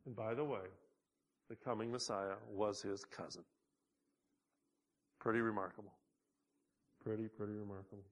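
A man preaching a sermon, slow and deliberate, building emphasis on key words. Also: mid-range voice, fairly bright tone. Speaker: pastor.

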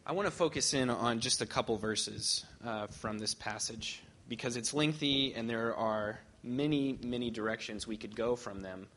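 A man leading worship as pastor, reading scripture in a measured way and then preaching conversationally with fillers. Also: medium pitch, a bit bright, a little hiss or hum. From rural Midwest farming family.

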